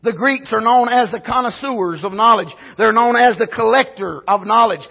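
A man preaching a sermon in a church service, swinging between shouted lines and low asides and punctuating with amen. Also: moderate pace, vocal fry. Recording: dull lo-fi recording.

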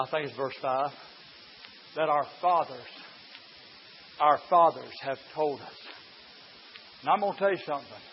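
A preacher man in full revival flow, folksy and loud, breaking into hollers and catching his breath between lines. His voice sits a touch high for a man. The recording is dull and lo-fi with a faint hiss. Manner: shouts and hollers in bursts, folksy, runs laps while preaching. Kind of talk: fiery Southern revival sermon.

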